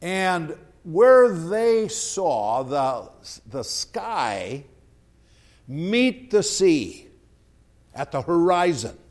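A man preaching a sermon, slow and emphatic, repeating his key phrases. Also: fairly high pitch, very animated.

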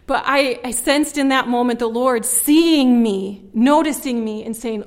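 A woman with a slightly high voice shares her personal testimony, earnest and conversational. She peppers her talk with "like" and her voice drops low and hushed at the painful parts. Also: fairly quick, few pauses. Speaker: speaker sharing her testimony.

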